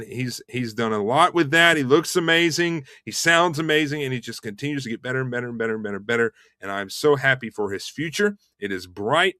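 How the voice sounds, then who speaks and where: A man who hosts a casual online show and talks fast and eagerly, with plenty of fillers. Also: mid-range voice, no echo, studio quality. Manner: rushed, energetic promo talk with fillers. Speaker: host.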